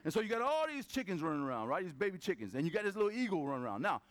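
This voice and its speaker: High-voiced man preaching a lively sermon. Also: rapid-fire. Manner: animated storytelling, acts out voices. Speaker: pastor.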